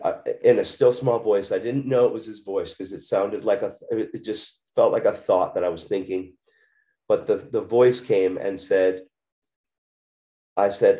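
A man with a low, mellow voice tells his own story as an interview guest. He speaks earnestly and animatedly, stumbling and restarting often as he works through his thoughts. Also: moderate pace. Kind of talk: testimony in an interview.

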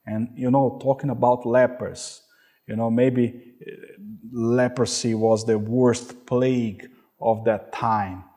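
A man's voice: mid-range voice, little pitch movement, slow, dark tone. A man preaching a sermon as a pastor, earnest and emphatic, often saying "you know" and calling out "hallelujah".

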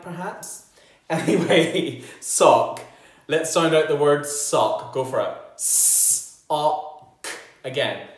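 A man teaching a children's phonics lesson, sounding out words slowly and cheering the children on. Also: medium pitch. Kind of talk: home-learning phonics lesson. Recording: very echoey room.

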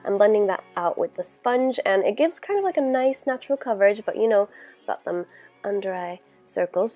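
A woman's voice: medium pitch, lively intonation, a little fast, warm tone. A young woman with a congested, stuffy voice from a cold, chatting casually through a makeup tutorial with lots of "like" and "you know". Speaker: beauty vlogger.

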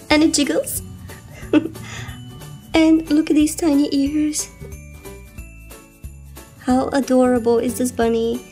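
A woman with a high, darkish voice hosts an unboxing vlog while a little sick and slightly out of breath. She giggles and gushes over each item, drawing out repeated words.

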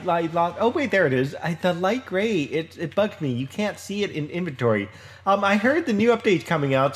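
A man hosting a casual let's play, chatting his way through a building session with lots of fillers, restarts and self-deprecating remarks. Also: high voice. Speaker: Minecraft let's play host. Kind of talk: casual gameplay commentary.

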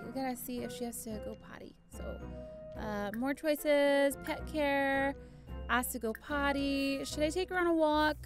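Play her as a young woman with a high, light voice, chatting through a life-sim game and scolding her pets. Keep her playful and chatty, with faint music under her. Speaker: gaming channel host. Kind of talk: casual let's-play commentary.

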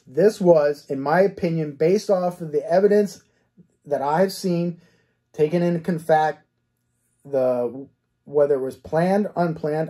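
His fairly high voice is husky, mellow, and darkish as this cold case detective reasons through a case point by point. He asks rhetorical questions, answers them himself, and tags his points with a firm "okay?" in this case analysis commentary.

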